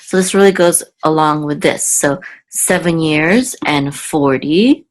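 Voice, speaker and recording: A woman's voice: low-pitched, unhurried. A woman teaching an online language lesson, going patiently word by word with frequent ums and self-corrections. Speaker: Hebrew teacher.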